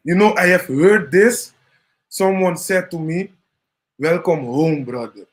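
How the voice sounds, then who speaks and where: Slow-talking man, high voice. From Netherlands. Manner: slow, gentle, says "you know" often. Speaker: live-stream host. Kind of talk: casual chat.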